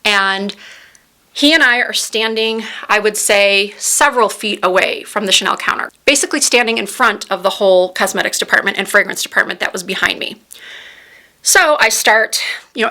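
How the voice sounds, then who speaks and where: Woman, forties, beauty vlogger; bright, clear tone, heartfelt storytelling on the edge of tears. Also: mid-range voice. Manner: earnest, heartfelt retelling. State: close to tears. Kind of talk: storytelling while doing makeup.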